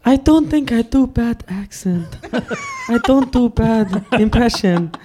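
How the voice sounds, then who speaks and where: A man putting on a boastful self-styled alpha male who speaks slow, broken English. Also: very high-pitched, expressive, warm tone, slight background noise, voice pushed up, heavily acted. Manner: broken grammar, slow and deliberate.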